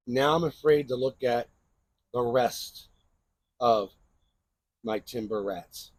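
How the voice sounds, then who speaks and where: Male host, husky voice, casual rambling knife review. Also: mid-range voice, slow, pauses often. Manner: chatty, rambling, keeps asking "right?". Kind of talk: casual show-and-tell review.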